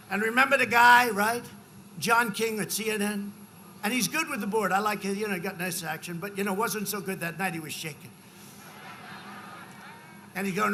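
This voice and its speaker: A man in his seventies giving a rambling, off-the-cuff campaign rally speech, full of repetitive asides to the crowd and shouted emphasis. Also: sits high, normal speed, a little hiss or hum. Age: 70s. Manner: swings into shouted emphasis on numbers. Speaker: politician addressing a rally. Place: large political rally.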